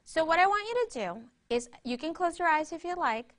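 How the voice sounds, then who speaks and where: Leading a workshop, this woman talks listeners through a breathing exercise and teaches conversationally, checking in often with "right?". Her voice is very high, expressive, and fairly bright, and she speaks fairly quickly.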